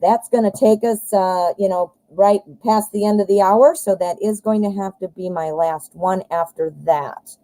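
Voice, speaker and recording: Woman doing a live tarot stream, mellow voice, dry close sound, chatty and blunt. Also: mid-range voice, fairly even intonation, moderate pace, few pauses, no room sound, poor audio. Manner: chatty and blunt, swears, frequent fillers and self-corrections. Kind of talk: casual live tarot reading.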